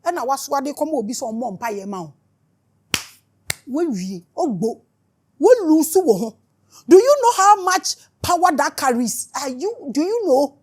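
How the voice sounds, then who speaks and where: A woman's voice: high voice, sing-song, moderate pace. A woman with a Ghanaian accent giving an impassioned spiritual talk, fiery and scolding as she switches between Twi and English. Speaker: spiritual teacher.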